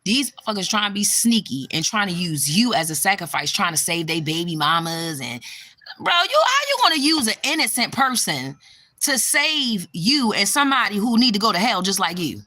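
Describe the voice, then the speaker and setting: Reacting to her livestream chat, this young spiritual vlogger talks casually, swears a lot, and doesn't soften her words, now and then erupting into loud exclamations. Her pitch is fairly low and her intonation lively. She speaks at a moderate pace with few pauses, and the recording is dry.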